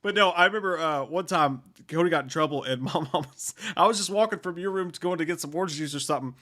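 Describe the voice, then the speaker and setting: An excitable man co-hosting a movie podcast talks fast and often profanely. His voice has a bright, forceful edge, and he races through his stories. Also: a little high. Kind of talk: casual chat.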